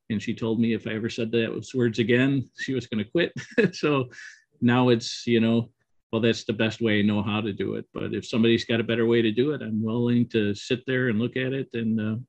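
A middle-aged man who co-owns an auto repair shop, answering interview questions in a relaxed, rambling way with many ums and you-knows. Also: medium pitch, dry recording. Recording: dull, slightly muffled dry audio.

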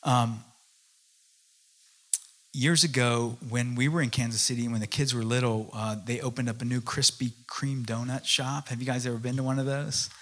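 Bright-voiced man preaching a sermon. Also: mid-range voice, steady tone. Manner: personal storytelling, halting restarts and many asides. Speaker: pastor.

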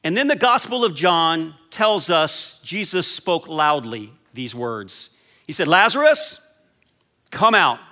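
A man delivers a sermon in a bright, forceful voice that sits a little high for a man. He tells his stories with steady momentum and lowers to a near-hush on the lines he wants to land. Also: slow. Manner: storytelling, dropping to a hush on key lines. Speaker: pastor.

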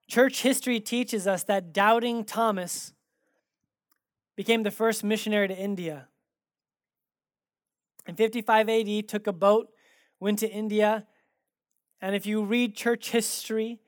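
A man's voice: sits high, dry recording, studio quality. A man preaching a sermon in a conversational, storytelling way, animatedly acting out the dialogue in his stories. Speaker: pastor.

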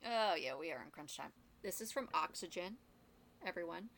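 A young woman with a slightly low voice chats casually as a podcast co-host, recounting stories with plenty of fillers and easy laughter. A faint hum of room ambience sits behind her. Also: expressive, normal speed, creaky, fairly bright tone. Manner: chatty, laughs often, uses fillers.

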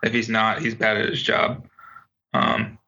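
A man's voice: fairly low pitch, monotone, a little slow, creaky, bright, forceful tone. A young man co-hosting a sports podcast, leading segments in joking casual chat. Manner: leads segments, joking, many ums. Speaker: podcast co-host. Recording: dull lo-fi home recording over call.

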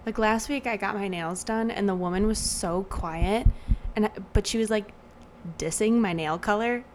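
A woman's voice: medium pitch, normal speed, darkish tone, slight background noise. A young adult woman co-hosting a podcast, telling a rambling story full of "like". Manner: chatty storyteller, lots of "like". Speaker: podcast co-host. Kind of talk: casual chat.

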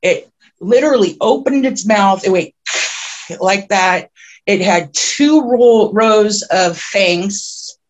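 A woman guest on a podcast, telling a long personal story in a rambling way with many restarts, who gets excited at the tense parts. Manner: grows excited and high-pitched when telling the tense parts. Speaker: podcast guest, self-described oracle.

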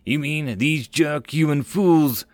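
A man voicing a blunt, proud, hard-edged soldier in an audiobook, speaking a little higher than his narration. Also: slow, dry recording.

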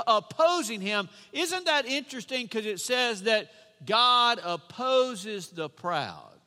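A pastor preaches in a very high, lively voice that rises and falls. He drives his points home by repeating lines and firing questions at the congregation. The sound is piercingly bright, carried on the long reverb of a church hall. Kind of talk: sermon.

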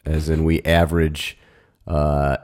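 A man with a very low, deep voice co-hosts a podcast, chatting casually and crudely. He sounds laid-back and jokey, and he stretches out his asides. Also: flat delivery, slow pace, darkish tone. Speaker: podcast co-host. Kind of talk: casual profane chat.

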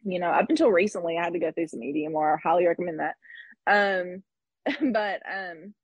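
A woman's voice: on the low side, fairly quick, slightly rough, no echo, highs cut off. A woman in her thirties telling a personal story in conversation, candid and reflective, with laughs between thoughts. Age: 30s. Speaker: guest.

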